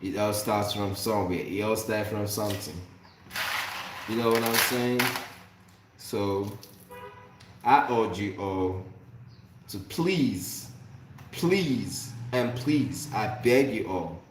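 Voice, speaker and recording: A man's voice: on the low side, slow pace, pauses often, slight background noise. Nigerian man, vlogger, preachy and repetitive, roomy echo. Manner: preachy, repeats phrases, slips into Nigerian Pidgin. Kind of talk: motivational cooking-chat monologue. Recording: echoey room with faint ambience.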